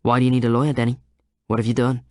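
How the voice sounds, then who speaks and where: A man's voice: medium pitch, level tone, rapid-fire, dry recording, studio quality, natural voice. A man voicing a male police detective who interrogates a suspect, needling and accusing in turn. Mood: probing. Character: male police detective, coaxing then menacing.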